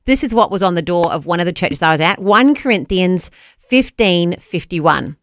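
A woman's voice: lowish voice, animated, normal speed, dry recording. Woman, breakfast radio co-host, playful teasing manner, dry close studio sound. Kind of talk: casual breakfast radio chat. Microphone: studio microphone.

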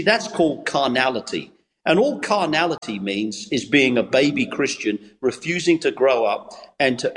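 A man's voice: mid-range voice, in a large hall, poor audio. A man, an English pastor and evangelist, giving a devotional on a Christian TV show in a preacherly, rhythmic style with repeated phrases. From England.

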